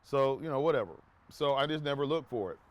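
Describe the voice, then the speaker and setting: A fast-talking man with a medium-pitched voice rambles through a personal story for his viewers, restarting and drifting into asides. He voices the quoted dialogue in a raised tone, and the recording has no room sound.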